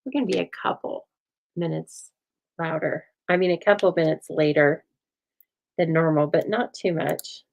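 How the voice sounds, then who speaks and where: Chatty woman with a low, calming voice. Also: moderate pace, creaky, low-quality recording. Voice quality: calm, soothing voice. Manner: chatty, laughs often, dry deadpan humor. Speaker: craft demonstrator and host. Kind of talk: casual chat during a craft demo. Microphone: phone.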